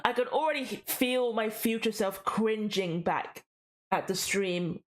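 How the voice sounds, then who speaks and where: A woman's voice: mid-range voice, a little slow. A woman streaming a game, reading the story aloud and chatting with viewers in a chatty, self-deprecating way.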